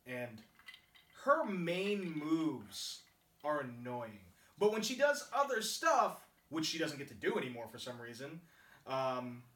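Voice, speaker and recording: Male podcast co-host, lively pitch swings, quippy, heard off-mic in a roomy space. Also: far from the mic. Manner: joking, laughs often, quick quips. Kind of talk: casual podcast chat. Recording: echoey room, away from the mic.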